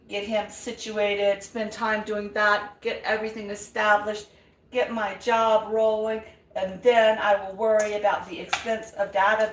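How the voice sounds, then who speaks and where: Hosting a live vlog, an older woman keeps up friendly, encouraging chat with viewers while cooking in her kitchen at home. Her medium-pitched voice is recorded from a distance in an echoey room.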